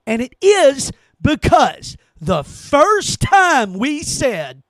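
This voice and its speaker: Male host, very high and lively voice, heated profane rant, dry close sound. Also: drawn-out words, no echo. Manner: heated, cursing, emphatic repetition. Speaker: podcast host. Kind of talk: angry opinion rant.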